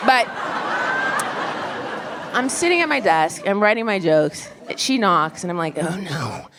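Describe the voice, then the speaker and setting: A woman stand-up comedian telling a story in a wry, quick, self-deprecating way, on a club stage with a handheld mic. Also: mid-range voice, big pitch swings, a bit bright. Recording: live club recording with crowd noise. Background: audience laughter.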